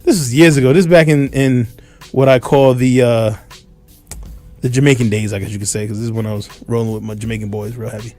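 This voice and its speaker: Animated man telling a story on radio. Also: medium pitch, fast, faint music behind. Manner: animated storyteller, acts out shouted quotes. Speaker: radio show host. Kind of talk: casual storytelling on a radio talk show. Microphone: studio microphone.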